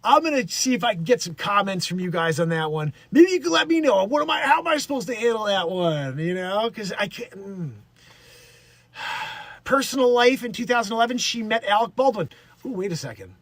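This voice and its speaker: A man's voice: high voice, animated, a little fast, a bit bright, dry recording. A man hosting a daily livestream, reading news aloud and riffing on it in a rambling, jokey way with some swearing. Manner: rambling, jokey, swears, slips into put-on voices. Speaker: livestream host.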